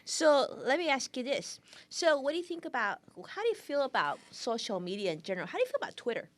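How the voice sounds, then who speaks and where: A woman's voice: high-pitched, big pitch swings, fast talker. A woman hosting a podcast interview, curious and playful, laughing along with her guest. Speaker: podcast host. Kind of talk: casual interview.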